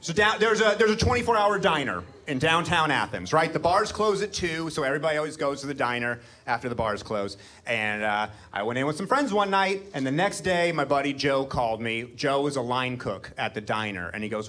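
Male stand-up comic, mid pitch, animated storyteller who spikes loud and high on punchlines, live club mic. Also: fairly quick. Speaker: stand-up comedian. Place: comedy club stage before a live audience.

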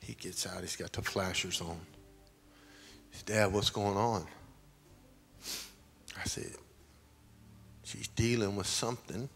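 A middle-aged man, preaching a sermon as pastor with slow, dramatic storytelling and sudden loud peaks. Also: low-pitched, vocal fry. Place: large church sanctuary. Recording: long hall reverb.

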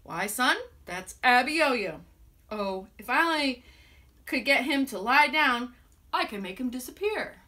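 A woman voicing a kindly grown father who is a magician, speaking calmly and reassuringly in a children's story. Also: very high-pitched, a little slow, exaggerated voice.

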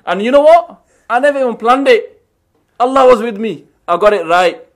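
A man's voice: very high-pitched, expressive, moderate pace. A man from England, hosting and mocking someone in scornful, emphatic commentary. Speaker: host.

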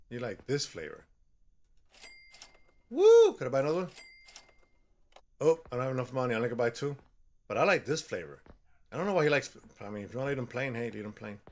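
Guy doing horror game commentary, bouncy voice, yells when something jumps out. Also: medium pitch. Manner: excitable, yelps and shouts when startled. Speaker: gaming channel host.

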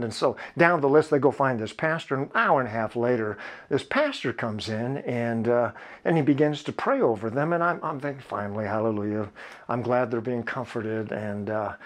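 A middle-aged pastor shares a personal story during a sermon, candid and confiding, often halting and restarting his sentences. His voice is medium in pitch.

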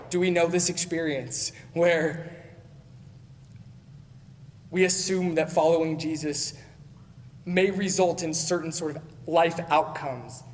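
Male pastor, high voice, chatty sermon delivery, reverberant sanctuary. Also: a little hiss or hum. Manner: conversational preaching with frequent "right?" asides. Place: church sanctuary. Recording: long church hall reverb.

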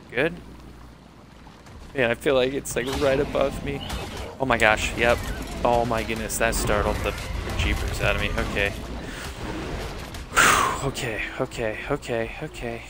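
A man's voice: medium pitch, background noise. A man streaming live gameplay, chatting to himself and his viewers and easily startled.

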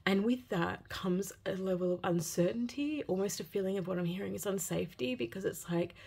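Woman tarot reader with a gravelly edge, heartfelt and gentle delivery for a reading to viewers. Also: mid-range voice, a little fast. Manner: earnest, gentle and heartfelt, with many repeated phrases.

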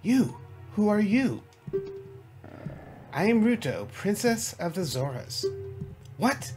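A man's voice: high voice, sing-song, takes it slowly, voice pushed up, exaggerated voice. A man doing haughty fish princess Ruto. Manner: bossy, indignant line reading. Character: haughty young fish princess, bossy and proud. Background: game music.

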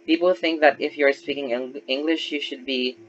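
A man's voice: on the high side, moderate pace, slight background noise. Filipino-accented man on a muffled call. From Philippines. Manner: relaxed and opinionated, with many likes. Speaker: host. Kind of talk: casual video chat. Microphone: video call. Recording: dull lo-fi video call audio.

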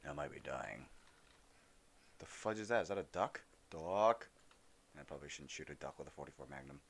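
A man's voice: a bass voice, animated, moderate pace. A young man streaming a shooter game, rambling and joking as he talks to the characters he meets. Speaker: gaming streamer. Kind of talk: casual let's-play commentary.

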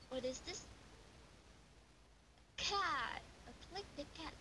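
A young woman teaching English online, giving a child a demo lesson with slow, exaggerated, sing-song praise. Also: high-pitched. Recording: hissy home recording.

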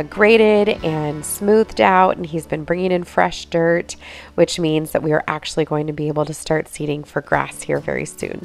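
A woman's voice: lowish voice, gravelly. A woman narrating her home vlog in an upbeat, chatty way, her voice stuffy and nasal from pollen. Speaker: home vlogger.

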